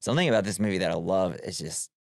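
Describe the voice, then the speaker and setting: A man's voice: low voice, animated, racing, gravelly, dry recording, studio quality. A man from Tennessee hosting a casual movie podcast, chatty and jokey, laughing often. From Tennessee, USA. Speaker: podcast host.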